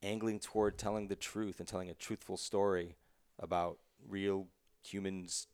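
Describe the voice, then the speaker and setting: Low smooth guy rambling through a podcast chat, keeps restarting, dry close mic. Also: level tone, normal speed, darkish tone, no room sound. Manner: rambling, self-interrupting, laughs easily. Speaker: TV writer, podcast guest. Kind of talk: casual interview conversation.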